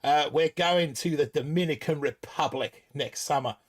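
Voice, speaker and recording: A man's voice: on the high side, moderate pace. Chatty man in his forties, put-on Australian accent. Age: 40s. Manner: chatty, rambling, reads viewer comments aloud. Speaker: live stream host. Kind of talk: casual live stream chat.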